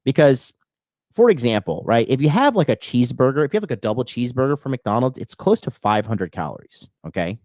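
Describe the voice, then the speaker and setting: A man coaching on dating and fitness in a blunt, profane podcast monologue, now and then mocking others in a high put-on voice. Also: very animated, brisk, a little mellow, no echo, studio quality.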